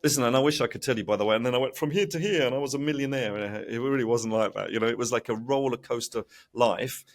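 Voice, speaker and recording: A man speaking as a guest in a podcast interview, telling his story with animated delivery and acted-out quoted voices. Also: medium pitch, fast talker. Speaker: guest, investment educator.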